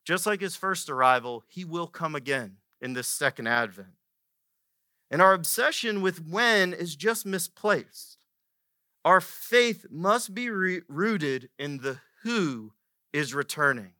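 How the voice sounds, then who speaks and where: Lively, bright-voiced male preacher. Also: a little high, takes it slowly, dry recording, studio quality. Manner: conversational preaching with fillers and emphatic repetition. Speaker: pastor. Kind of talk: sermon.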